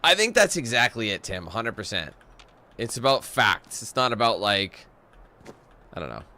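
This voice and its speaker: A man's voice: on the low side, sing-song, normal speed, bright, forceful tone. A Canadian man giving casual gameplay commentary, chatty and loose, swearing casually as he plays. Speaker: gaming commentator.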